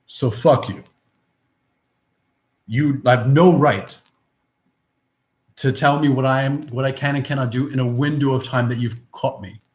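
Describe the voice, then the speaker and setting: A man's voice: medium pitch, fairly even intonation, unhurried, long pauses. A man giving a rambling, philosophical monologue, blunt and profane, with many restarts. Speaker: vlogger. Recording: roomy echo.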